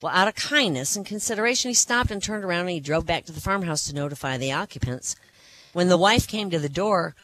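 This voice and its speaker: An animated joke teller with a bright voice that moves a lot in pitch. The delivery is a folksy storytelling style, told casually to a small group. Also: quick pace. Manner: animated storyteller who laughs at their own punchlines. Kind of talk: telling jokes to a small group.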